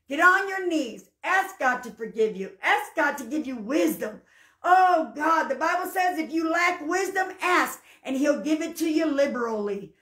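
A woman with a high voice tells her testimony in a folksy, down-to-earth way, now and then rising into fervent praise. She preaches to listeners, and her voice rings in an echoey room. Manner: fervent, breaks into shouts of hallelujah; folksy storyteller. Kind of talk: spoken testimony and sermon.

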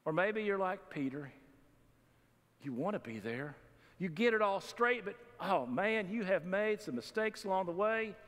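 Folksy preacher in a reverberant church. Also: male voice, on the high side, a bit bright. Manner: folksy, conversational preaching with humorous asides. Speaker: pastor. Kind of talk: sermon. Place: church sanctuary. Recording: long reverb of a church hall.

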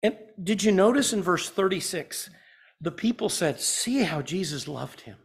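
A man preaching a sermon as pastor. He asks the congregation questions and swings from loud, urgent emphasis to a hushed softness. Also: high-pitched, expressive, normal speed, husky.

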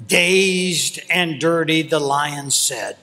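A man preaching a sermon as pastor, dramatic, with long pauses for emphasis. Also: a little high, pushed and bright. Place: church. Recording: long reverb of a church hall.

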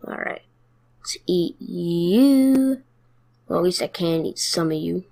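A woman's voice: lowish voice, animated, slow, vocal fry, mellow. A woman giving casual let's play commentary, chatting and playfully trash-talking her opponents. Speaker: gamer.

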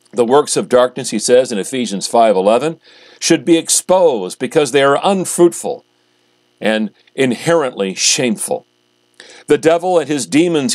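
A man, a pastor, reading scripture aloud and preaching in a measured, emphatic way, slowing down on key phrases. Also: mid-range voice, a little mellow, no echo.

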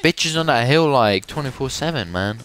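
A young man narrates his shooter match in a loose, sarcastic, swearing way. His voice is mid-pitched and casual, picked up close on a headset or desk mic. Faint game noise sits beneath his chatter. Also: lively intonation, normal speed, a bit bright. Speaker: gameplay commentator. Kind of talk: casual profane gameplay commentary.

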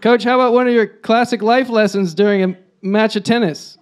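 A man acting in an improvised comedy scene, talking haltingly with lots of restarts and giggles. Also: high-pitched, fairly even intonation, a little hiss or hum.

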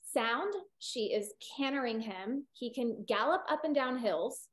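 A middle-aged woman with a somewhat high voice, a veterinarian talking loosely in an interview. She rambles, piles on fillers and restarts her sentences as she explains. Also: animated, measured pace. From California. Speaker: holistic veterinarian guest. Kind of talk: casual interview conversation.

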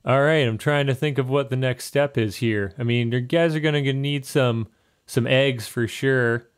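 A man acting as game master for a tabletop game. He narrates casually in a mid-pitched voice and laughs often. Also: normal speed, clear, resonant tone.

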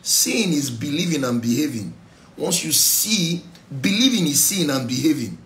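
Nigerian pastor preaching in a roomy hall. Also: male voice, fairly high pitch, lively intonation, moderate pace, a bit bright. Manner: exhortative, mixes in pidgin asides. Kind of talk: sermon, Bible study teaching. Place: church.

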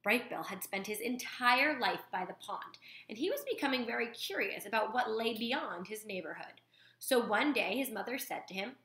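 A woman reading a children's novel aloud to young listeners in an expressive storytelling manner. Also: fairly high pitch, normal speed, reverberant. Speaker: storytime reader.

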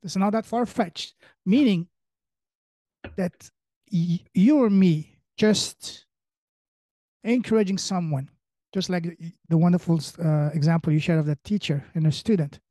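A man hosting a podcast conversation, speaking in a halting, motivational way as he searches for words. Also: high-pitched, warm tone, no echo. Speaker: podcast host.

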